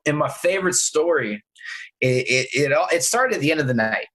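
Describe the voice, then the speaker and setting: A man on a podcast casually telling a story about working at bars, with halting restarts. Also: fairly high pitch, expressive, a bit bright, rough recording. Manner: hesitant, many restarts and fillers. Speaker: podcast co-host.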